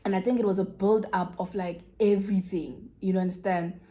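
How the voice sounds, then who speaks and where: A woman's voice: mid-range voice, fairly even intonation, fairly quick, mellow. A young South African woman with a South African accent, frankly telling a personal story to her viewers in casual, slangy chat. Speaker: YouTuber.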